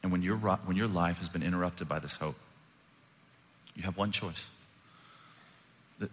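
A man, a pastor, preaching a sermon and telling stories with humor, his delivery swinging between loud and soft. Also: fairly low pitch. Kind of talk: sermon with personal storytelling. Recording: long hall reverb from a large room.

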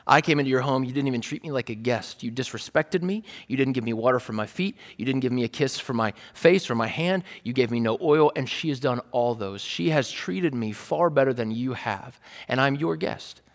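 A man voicing a calm male teacher who gently rebukes his host, speaking low and measured in a sermon. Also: natural voice. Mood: gently rebuking. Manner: hushed, measured, gentle reproach. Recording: long reverb of a large hall.

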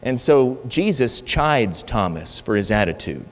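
A man's voice: medium pitch, sing-song, a little slow. A man preaching a sermon, emphatic and full of rhetorical questions, in a church hall. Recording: long hall reverb with mains hum.

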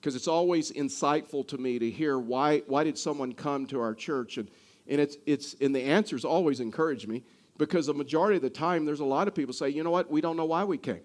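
A man delivering a sermon to his congregation. His voice sits a little higher than most men's. He talks earnestly and keeps repeating and restarting his words. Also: brisk. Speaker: pastor.

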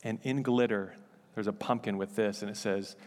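A man's voice: fairly low pitch, steady tone, normal speed, a little mellow, in a large hall. A male pastor preaching a sermon in a church, conversational with joking asides. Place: church sanctuary.

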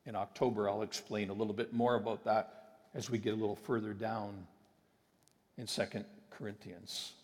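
A man preaching a sermon, emphatic and sometimes slowing his phrases for weight. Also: on the low side, level tone, darkish tone. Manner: emphatic, with deliberate slowed phrases. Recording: long reverb of a large hall.

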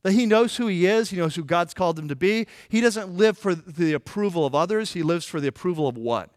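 A man's voice: sits high, expressive, brisk, no echo, clean studio sound. A man preaching a conversational sermon as pastor, informal and emphatic, with many fillers and restarts.

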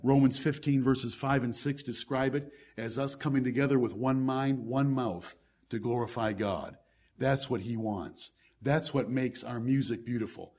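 A man's voice: mid-range voice, moderate pace, a little mellow, breathy edge. A male pastor preaching a sermon to his congregation, reading scripture aloud and stressing key words.

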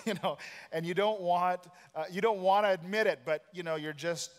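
A pastor in his forties preaching a sermon, telling a personal story with animated, self-deprecating humor. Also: high-pitched, normal speed, clean tone. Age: 40s. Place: large church auditorium. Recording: church hall reverb.

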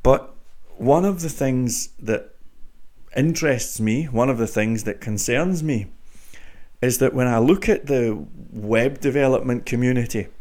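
A man hosting his own show, speaking to listeners in a deliberately slow, mock-grandiose monologue. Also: medium pitch, darkish tone. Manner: drawn-out, mock-grandiose delivery. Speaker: show host.

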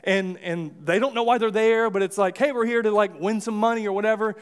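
Casual, high-voiced American pastor. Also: male voice, steady tone, a little fast, clear, resonant tone. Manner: casual, conversational preaching with many restarts and acted asides. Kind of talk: sermon. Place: church sanctuary.

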